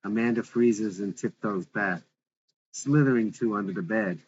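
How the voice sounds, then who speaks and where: A man's voice: fairly low pitch, normal speed, darkish tone, highs cut off. A man reading a script aloud with its stage directions, in a plain, matter-of-fact way.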